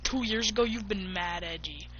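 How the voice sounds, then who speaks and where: A woman's voice: mid-range voice, normal speed, sharp tone, slightly rough. A woman voicing a cocky, taunting teen boy ninja in a homemade fan story, on a dull lo-fi recording. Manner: taunting, mocking.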